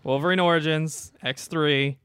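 Opinionated man, casual chat, bright, smooth voice, dry. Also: fairly high pitch, fairly even intonation, normal speed, no room sound. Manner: emphatic, opinionated, laughs often.

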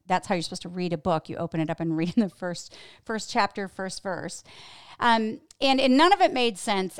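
A woman's voice: fairly low pitch, clear, resonant tone, no room sound, studio quality. A woman hosting a faith podcast, giving an earnest scripted intro before chatting casually and expressively with her guest, laughing easily. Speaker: podcast host. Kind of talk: scripted intro, then casual interview chat.

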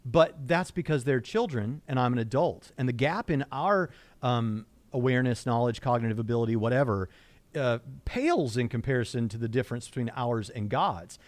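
A man's voice: medium pitch, animated, moderate pace, no room sound. Man, dry close sound. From Southwest Indiana. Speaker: co-host. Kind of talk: casual discussion.

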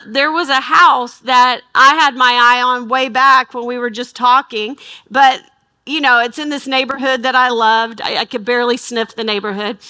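A middle-aged woman teaching a Bible study, telling a personal story in a chatty, animated way and acting out the dialogue. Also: high-pitched. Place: in front of an audience.

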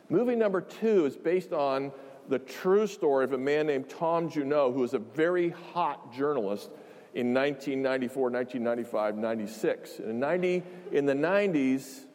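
A man's voice: mid-range voice, lively intonation, normal speed, a little mellow, long reverb tail. A man preaching a conversational, emphatic sermon, full of asides and repeated phrases.

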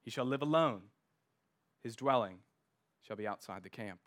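A man preaching a sermon as pastor, emphatic, slowing down to stress key words. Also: mid-range voice, a bit bright.

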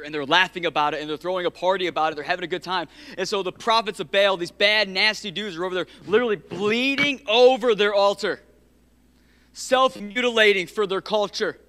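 A man in his thirties preaching an impassioned sermon, swinging from loud urgency to hushed, near-whispered passages. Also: high voice. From Michigan. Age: 30s. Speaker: pastor.

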